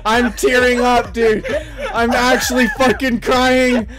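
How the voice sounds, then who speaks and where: A man hosting a gaming video, chatting casually with friends over a headset, excitable and swearing as he laughs. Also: extremely high pitch, slow, crowd noise. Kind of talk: casual gameplay chat. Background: loud background music.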